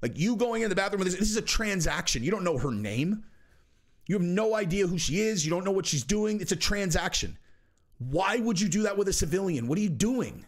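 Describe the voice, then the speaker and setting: A man hosting a commentary video, ranting bluntly and firing off exasperated rhetorical questions, sometimes breaking into shouts. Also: high-pitched, expressive, brisk. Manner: jumps to shouting in outbursts. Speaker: commentary channel host. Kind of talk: animated commentary rant.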